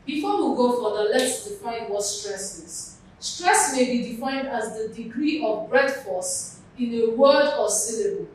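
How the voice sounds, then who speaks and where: Slow, deliberate woman tutor in an echoey room. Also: a little high, lively intonation. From Nigeria. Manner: slow, deliberate teacher, repeats and spells out words. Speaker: exam tutor. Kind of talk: classroom lesson. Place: classroom with a board. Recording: echoey room from far off with faint noise.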